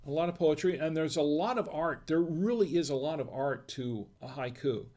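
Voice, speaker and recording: A chatty American man hosts a relaxed wine review livestream, his voice a bit high for a man and slightly mellow. He talks at a moderate pace, reading viewers' chat messages aloud and constantly throwing questions back at them.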